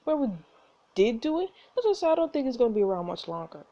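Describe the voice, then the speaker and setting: A woman's voice: a little high, very animated, quick pace, warm tone, lo-fi sound, voice pushed up. A woman voicing a defeated, boastful drunk man at a bar who talks in a blustering, defensive way.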